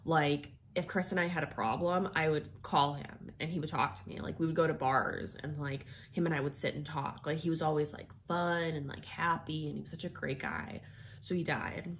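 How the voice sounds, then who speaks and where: A woman's voice: sits low, steady tone, moderate pace, a little hiss or hum. A young woman telling a personal story in a rambling, casual way, full of filler words. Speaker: vlogger.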